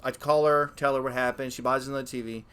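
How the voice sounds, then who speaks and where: A man in his late thirties co-hosting a podcast, telling stories in a casual, profane, animated way. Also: medium pitch, fast talker, clear, resonant tone. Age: 30s. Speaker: podcast co-host. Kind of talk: casual chat.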